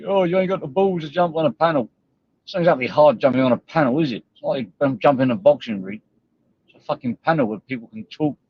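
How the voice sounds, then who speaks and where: A man's voice: mid-range voice, no room sound, muffled recording. A man ranting on a livestream, sweary, confrontational and rambling. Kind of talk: livestream rant.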